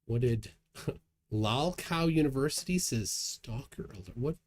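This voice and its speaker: A man's voice: medium pitch, a little slow, slight background noise. A man hosting a casual livestream, chatting and reading viewer comments aloud with a chuckle. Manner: lively, chuckling, reads chat aloud. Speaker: livestream host.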